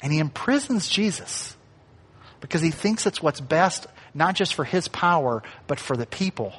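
A man's voice: a little high, big pitch swings, moderate pace, fairly bright tone, breathy edge. Man preaching a sermon in a reverberant church. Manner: conversational, acts out quoted lines, light asides. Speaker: pastor.

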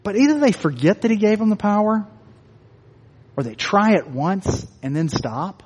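High-voiced man preaching in a reverberant hall. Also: moderate pace, slightly rough. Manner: conversational, animated, self-correcting restarts. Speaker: pastor. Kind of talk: sermon.

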